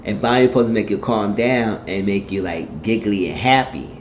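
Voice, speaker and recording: Here a man talks through a TV episode in a lowish voice at a moderate pace, wandering through the story and performing the characters' lines in different voices. He's a TV show reviewer, recorded in a dull, echoey room with slight background noise.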